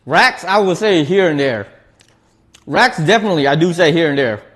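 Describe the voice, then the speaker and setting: Animated and a bit bright, this man's fairly high voice moves at a moderate pace as he eats on stream. He keeps the chat casual and slangy, repeating himself often.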